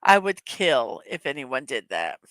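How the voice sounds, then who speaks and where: Giggly slow-talking woman host. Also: extremely low pitch, big pitch swings, fairly bright tone, no echo. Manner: giggly, chatty, laughs often at her own jokes. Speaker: host of a daily morning show. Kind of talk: casual chat reading memes to a live audience.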